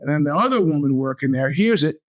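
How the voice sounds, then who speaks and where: A podcast host in his fifties delivers a long, rambling storytelling monologue, animatedly acting out the voices of the people in it. His voice is on the high side and quick, and the audio has its highs cut off.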